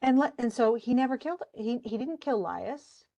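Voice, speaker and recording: A woman teaching a class, retelling a play in a lively, casual way with slangy asides. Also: fairly high pitch, normal speed.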